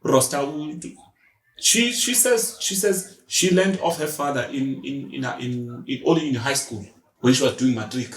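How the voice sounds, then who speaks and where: A man's voice: medium pitch, moderate pace. A man with a South African accent, co-hosting a podcast, telling a story in a casual chat and acting out the voices of the people in it. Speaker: podcast co-host. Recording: echoey room.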